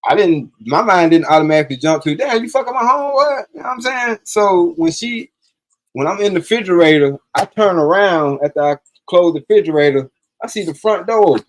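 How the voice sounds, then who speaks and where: Guy telling a wild story on a live stream, swears a lot, kinda high voice, acts out everybody's lines. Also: fairly quick. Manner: profane, animated, acts out quoted dialogue.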